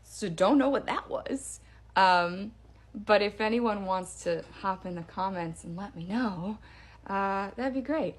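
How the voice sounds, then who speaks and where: A woman telling a scary personal story in a casual storytime manner, hushed and dramatic, with many fillers. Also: medium pitch, a little slow.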